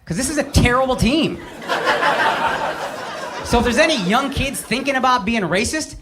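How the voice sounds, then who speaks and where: A stand-up comedian in his thirties does a brash, profane, punchy set on a club stage, holding a handheld mic. His very high voice has lively intonation at a moderate pace, and loud laughter and noise from the crowd fill the recording.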